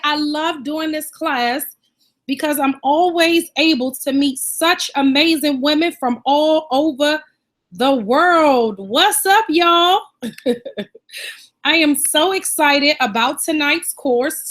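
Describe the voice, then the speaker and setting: An upbeat woman from Washington, D.C. hosts a live online class. Her voice sits high and she talks at an unhurried pace, welcoming viewers one by one by name and hometown. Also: fairly bright tone. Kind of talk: live webinar hosting.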